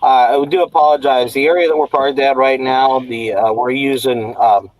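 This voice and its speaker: A man's voice: medium pitch, steady tone, normal speed, a little hiss or hum, poor audio. A man joining a live stream as a guest, apologetic and hesitant, with many fillers. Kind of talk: casual live-stream chat. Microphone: laptop over a slow hotspot.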